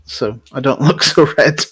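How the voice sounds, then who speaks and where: A man's voice: fairly high pitch, expressive, takes it slowly, a bit bright, slightly rough, no room sound. A man hosting a casual sports podcast, chatty and laughing easily, often restarting his sentences. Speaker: podcast host.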